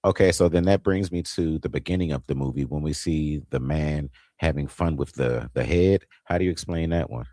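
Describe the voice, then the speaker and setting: A man with an extremely deep voice talks horror films in a relaxed, agreeable way. His audio is dry and close, with no room sound. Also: normal speed, hardly any pauses, dry recording. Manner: relaxed, agreeable, chimes in often. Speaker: podcast co-host. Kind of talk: casual horror film discussion.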